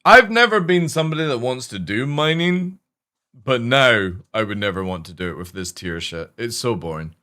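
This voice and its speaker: A man ranting on a game stream, his pitch swinging widely as he complains. He swears freely and sounds fed up, in a loose, casual way of talking. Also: normal speed. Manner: animated, swearing often, exasperated. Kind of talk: profane casual rant while streaming.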